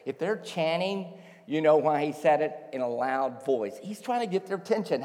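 A pastor delivers a sermon with animated storytelling, slipping into quick acted-out voices for the people in his story. His voice sits a touch higher than most men's. The sound carries the long reverb of a large church hall.

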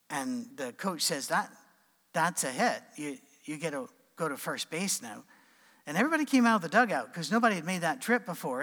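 A man's voice: fairly high pitch, pushed and bright. A middle-aged man, preaching and telling a funny family story, acting out the voices. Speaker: pastor. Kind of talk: sermon with humorous storytelling. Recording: long hall reverb.

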